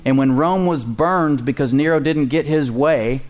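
Guy preaching in church, fairly high voice, punchy, keeps asking the crowd questions. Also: unhurried, a little mellow. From United States. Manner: emphatic preaching with rhetorical questions. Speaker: pastor. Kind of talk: sermon.

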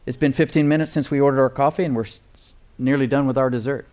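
A man preaching a sermon, slowing down to stress key phrases and calling for responses from the congregation. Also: medium pitch, steady tone, darkish tone. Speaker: pastor.

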